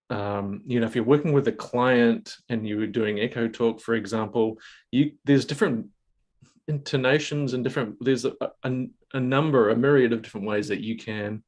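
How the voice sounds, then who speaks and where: A man's voice: lowish voice, a little mellow. A man hosting a casual group video call, talking thoughtfully with many fillers and restarts. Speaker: host. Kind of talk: casual panel discussion.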